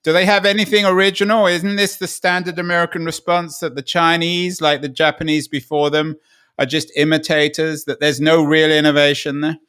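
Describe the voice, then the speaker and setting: A man's voice: on the high side, flat delivery, a little fast, a bit bright, clean tone. A man co-hosting a podcast discussion, asking probing, wry questions. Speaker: podcast co-host. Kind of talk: casual discussion.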